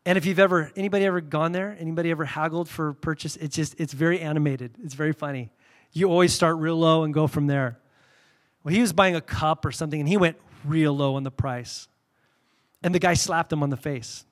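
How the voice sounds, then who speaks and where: A man delivers a sermon in a slightly high voice. He talks candidly and animatedly, telling stories with loud bursts. He then drops into quiet, reverent passages. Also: brisk. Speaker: pastor.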